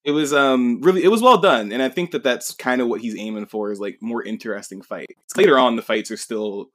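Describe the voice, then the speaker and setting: A man co-hosting a podcast chats casually about manga, rambling loosely with lots of filler words and frequent laughter. His mid-range voice is a bit bright and moves a little fast.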